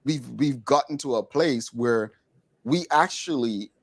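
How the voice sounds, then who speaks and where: A man's voice: medium pitch, a little slow. A Bermudian man hosting a talk show, speaking in an emphatic, opinionated, casual way from a studio.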